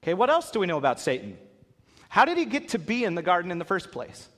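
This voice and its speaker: A pastor with a high voice talks fast as he leads an interactive Bible lesson in a large hall with an audience. Animated, he acts out voices and quizzes listeners, his words trailing into a long hall reverb.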